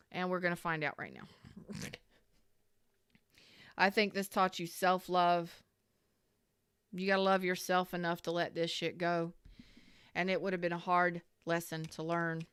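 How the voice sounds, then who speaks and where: A woman's voice: on the low side, a bit bright, smooth, no echo, clean studio sound. A woman giving a casual tarot reading to viewers, dramatic and profane, calling them y'all. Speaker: tarot reader.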